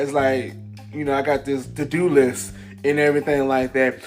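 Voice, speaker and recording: A man's voice: medium pitch, level tone, normal speed, faint music behind. A man in a casual motivational talk to camera, rambling and repeating words, with many fillers, recorded indoors at home. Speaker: vlogger. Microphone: camera in front of him.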